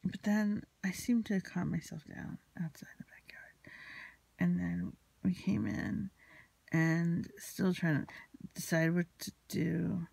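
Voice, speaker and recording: A woman's voice: lowish voice, takes it slowly, gravelly, a little mellow, breathy edge, dry recording. A woman telling a personal story in an anxious, rambling, confessional way, still emotionally shaken. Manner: anxious, rambling, retelling a quarrel with quoted dialogue. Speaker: vlogger.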